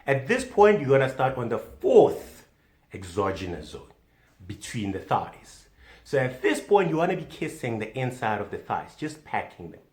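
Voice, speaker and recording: A man at a middle pitch performs a mock how-to lecture as a comic self-styled doctor. His delivery is wildly animated, leaping between booming emphasis and hushed near-whispers. The sound carries a noticeable echo from the room. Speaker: comedic self-styled sex-advice doctor. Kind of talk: mock instructional monologue. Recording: echoey room.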